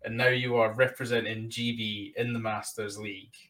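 A man's voice: fairly low pitch, flat delivery, normal speed, a bit bright. A man from Britain hosting a podcast interview, enthusiastic and rambling as he recaps his guest's story. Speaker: podcast host. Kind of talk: casual interview chat. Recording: voice a bit far from the mic.

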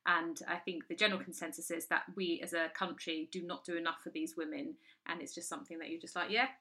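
Female co-host, bright tone, blunt and animated. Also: fairly low pitch, quick pace. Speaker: podcast co-host. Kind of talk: casual chat.

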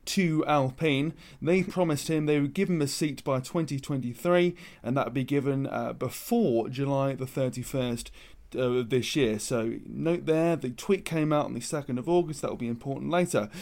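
A man's voice: mid-range voice, moderate pace, few pauses, darkish tone. A man co-hosting a casual podcast, chatty and opinionated as he lays out the news. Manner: chatty, opinionated, presents the news then hands over. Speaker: podcast co-host. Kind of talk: casual motorsport discussion.

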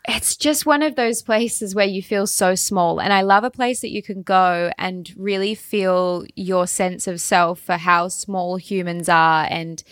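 A woman's voice: lowish voice, fairly bright tone, dry recording, studio quality. A young Australian woman, a travel blogger, chatting animatedly as an interview guest, with a lot of "like" and "um". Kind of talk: casual interview chat.

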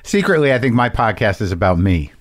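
A man's voice: lowish voice, very animated, fast. A man hosting a podcast interview, dropping dry, self-mocking remarks and short interjections. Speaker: podcast host. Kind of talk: casual interview.

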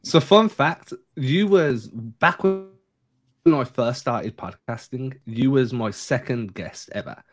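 A man's voice: medium pitch, animated, takes it slowly, over music. A man hosting a sports podcast, joking and bantering through a casual chat. He speaks with a non-American English accent. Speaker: podcast host.

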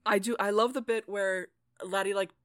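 A woman's voice: medium pitch, fairly even intonation, moderate pace, no room sound, studio quality. A woman co-hosting a podcast, talking in a casual, rambling way about a book, laughing often and swearing freely. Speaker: podcast co-host. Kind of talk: casual book club chat.

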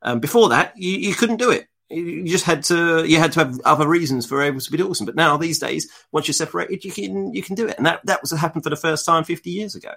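A man's voice: fairly high pitch, fast talker, vocal fry, few pauses, sharp tone. A man co-hosting a casual chat, dropping dry, teasing quips. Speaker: podcast co-host.

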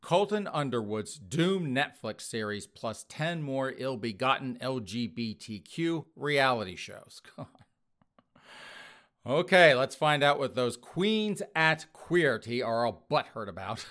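A man's voice: medium pitch, sing-song, takes it slowly, fairly bright tone. A man hosting an opinionated news commentary show, talking in a sarcastic, mocking way and laughing scornfully.

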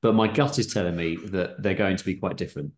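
A man's voice: sits low, quick pace, echoey room. A man hosting a comedy podcast, reading stories aloud in a hesitant, stumbling, giggly way.

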